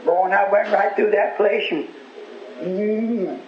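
Preacher, high tenor, folksy then fervent, echoey and muffled hall recording, loud crowd. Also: male voice, slow pace. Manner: folksy, rising to fervent shouting. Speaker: radio preacher. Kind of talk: storytelling sermon. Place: church hall.

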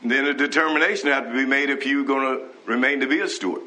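A man's voice: medium pitch, fast, a crowd in the background. A man preaching a fervent, scolding sermon on a live broadcast, reading scripture and breaking into hallelujahs. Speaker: pastor.

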